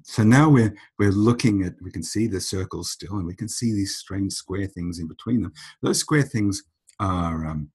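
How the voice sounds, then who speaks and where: Deep, husky-voiced male podcast host. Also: a little mellow. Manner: thoughtful, storytelling. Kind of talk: explanatory podcast talk.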